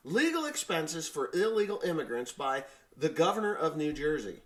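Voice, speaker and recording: A man's voice: on the high side, sing-song, moderate pace, fairly bright tone. Blunt, ranting farmer man. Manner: rambling, restarts sentences. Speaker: farmer and YouTuber. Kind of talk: casual opinion vlog.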